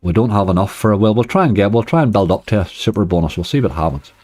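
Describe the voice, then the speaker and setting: A man's voice: fairly low pitch, animated, quick pace, a little mellow. A man with a Northern Irish accent giving chatty live-stream commentary on casino games, talking to his chat and groaning at near misses. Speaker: slots streamer.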